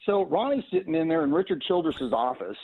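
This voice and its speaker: A man calls in and tells a long string of stories about racing in a loose, meandering way, often stopping to restart a sentence. His voice has a gravelly edge, and it comes through a thin, tinny phone line. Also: a little high, big pitch swings, brisk. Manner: rambling, lots of "you know" and restarts. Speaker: race car owner, guest. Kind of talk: casual anecdotal storytelling.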